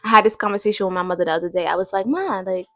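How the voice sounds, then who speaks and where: A woman's voice: on the low side, fairly even intonation, racing, sharp tone, no echo. A woman hosting a casual faith podcast, rambling and thinking aloud with many fillers. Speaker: podcast host.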